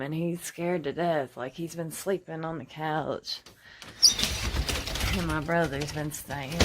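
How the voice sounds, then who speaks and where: Woman, young adult, slow and low-ish, frantic swearing on a phone recording at home. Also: background noise. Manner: frantic, rambling, swears a lot. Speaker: home video filmer. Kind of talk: handheld phone video. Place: inside her house. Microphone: phone held in hand.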